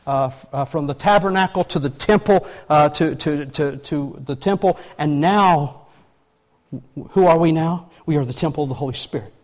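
A man preaching a sermon as pastor, animated and emphatic, with frequent restarts and loud peaks. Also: fairly high pitch, moderate pace.

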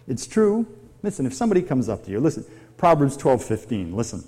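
A man's voice: medium pitch, big pitch swings, a little fast, warm tone, husky. A middle-aged man preaching a sermon, conversational and full of questions to his audience. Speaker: pastor.

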